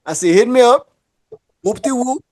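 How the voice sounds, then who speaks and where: Animated man telling stories. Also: very high-pitched, normal speed, dry recording. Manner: animated, acts out quotes, laughs often. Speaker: podcast co-host. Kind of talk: casual storytelling.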